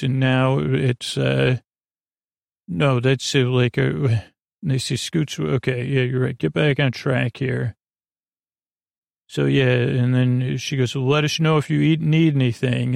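Gravelly, rambling man retelling an episode. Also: medium pitch, darkish tone, no room sound. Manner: meandering, halting, with many fillers and self-corrections; dry, offhand humor. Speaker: podcast host. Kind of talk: rambling bedtime episode recap.

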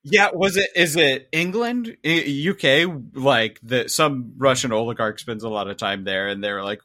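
A man's voice: mid-range voice, measured pace, hardly any pauses, bright, forceful tone. A man on a casual podcast, chiming in with short, laughing interjections. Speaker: podcast co-host.

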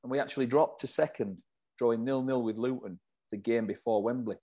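A man's voice: medium pitch, brisk, warm tone. A man, a former footballer, chatting as an interview guest, running through details from his notes and laughing often. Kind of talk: casual interview chat.

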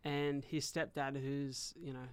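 A man, hosting a podcast and telling stories in an animated, emotionally open way. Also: mid-range voice, a little slow, clean tone, no room sound. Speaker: podcast host. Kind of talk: conversational interview.

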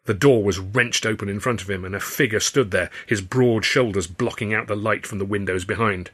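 A man's voice: lowish voice, a little fast, fairly bright tone, husky. A man reading his own novel aloud as narrator, telling the story in a wry, descriptive way. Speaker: author and reader. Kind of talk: scripted audiobook narration.

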